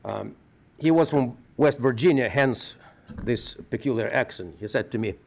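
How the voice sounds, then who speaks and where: A middle-aged rabbi with a Russian accent gives a funeral eulogy. He talks in an earnest, measured way, telling a story and sometimes restarting his sentences. His voice sits at a mid pitch for a man. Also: creaky, darkish tone.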